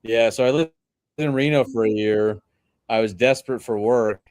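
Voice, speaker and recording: A man joining a casual podcast chat over a video call, telling a story in a relaxed, laid-back way. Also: medium pitch, normal speed, no echo, studio quality.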